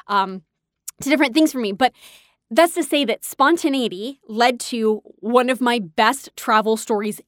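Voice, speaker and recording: A woman's voice: mid-range voice, a bit bright, no room sound, clean studio sound. A woman hosting a podcast, telling travel stories in a chatty, enthusiastic way and laughing often. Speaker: host. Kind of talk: casual storytelling podcast.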